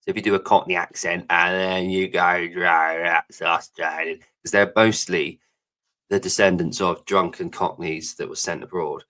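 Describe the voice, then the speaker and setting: A man's voice: low voice, fairly even intonation, normal speed, pushed and bright. A man co-hosting a live podcast, rambling, jokey and swearing freely in casual chat. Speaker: podcast co-host.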